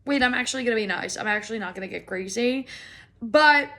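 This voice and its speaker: This is a young woman with an American accent, a podcast host spinning a comedic story from her own life. Her voice sits slightly high and rings bright. She rambles casually, says "like" constantly and swears without a second thought. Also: fast. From United States. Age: young adult. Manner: chatty and animated, with frequent "like" and swearing.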